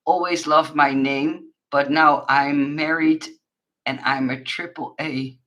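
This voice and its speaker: Woman craft host, casual chat, slow delivery, keeps breaking into laughter. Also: deep voice, fairly even intonation, a bit bright, slight background noise. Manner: laughing helplessly between short remarks.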